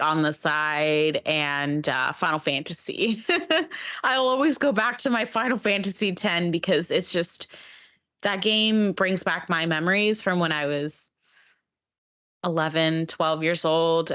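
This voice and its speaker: A woman's voice: deep voice, fairly bright tone, clean tone. A woman from Oregon, a streamer and dancer, chatting as a podcast guest and laughing often. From Oregon, USA. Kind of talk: casual podcast chat.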